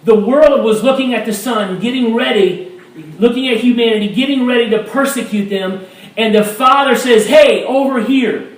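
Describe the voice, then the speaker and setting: A man preaching a sermon as a pastor, animated and rising to shouts at times. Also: extremely high pitch, moderate pace. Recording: echoey room, mic at a distance.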